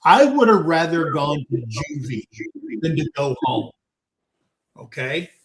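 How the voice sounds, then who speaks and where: A man's voice: fairly high pitch, sing-song, slow pace, crowd noise. A man in his sixties telling a story from his youth as host of a casual panel chat over a video call, in a folksy way that keeps calling his listeners guys. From United States. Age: 60s. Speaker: talk show host. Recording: roomy echoing room.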